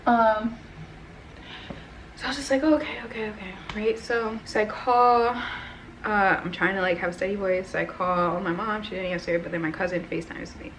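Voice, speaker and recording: A woman's voice: medium pitch, steady tone, moderate pace, fairly bright tone, a little hiss or hum. A woman in her twenties telling a personal story to her camera at home, talking casually with lots of "like" and "right?". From United States. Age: 20s. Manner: rambling, heavy use of "like" and "right?". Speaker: vlogger. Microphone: camera mic.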